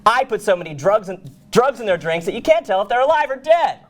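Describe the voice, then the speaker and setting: A man reading the part of a ruthless, scheming noblewoman who goads her husband. His voice swings a lot in pitch as he reads. It is a loose, comic read-through rather than a polished performance. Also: very animated, fast. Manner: reads stage directions and lines aloud, breaking into laughs. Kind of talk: comic table reading of a play.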